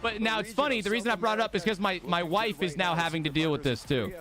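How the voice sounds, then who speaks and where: A man's voice: sits high, quick pace, crowd noise. A young man hosting a live stream, chatting casually and ranting with lots of swearing while sleepy and yawning. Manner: profane, ranting, animated storytelling. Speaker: streamer hosting a watch party.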